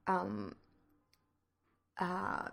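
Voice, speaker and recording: A woman's voice: lowish voice, big pitch swings, gravelly, fairly bright tone. A woman from Puerto Rico with a Spanish accent, an improv actor chatting casually and restarting her sentences often. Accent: Puerto Rican Spanish. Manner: halting, full of fillers and restarts. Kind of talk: casual chat.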